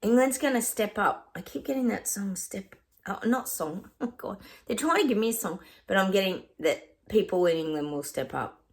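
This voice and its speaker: A woman's voice: mid-range voice, expressive, moderate pace. A woman with an Australian accent, a psychic chatting casually to camera in a rambling way, often stopping to laugh.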